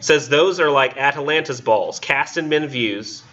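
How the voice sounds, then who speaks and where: Animated man giving a literature lecture. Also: mid-range voice, a little slow, muffled recording. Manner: casual and animated, reading poetry aloud and joking about it. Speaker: college literature instructor. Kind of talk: recorded classroom lecture.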